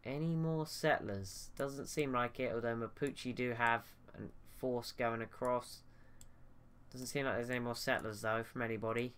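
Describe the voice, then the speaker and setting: A man's voice: mid-range voice, steady tone, normal speed, a bit bright, clear, resonant tone. A man giving casual, thinking-aloud commentary over a strategy game, often restarting his sentences. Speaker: gaming YouTuber.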